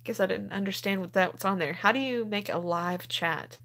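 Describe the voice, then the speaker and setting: A woman in a casual live-stream chat, reading comments aloud with quick laughs. She explains things patiently and in plain terms, like talking to friends. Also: mid-range voice, a bit bright. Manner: chatty and laughing, explains step by step. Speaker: couponing channel host.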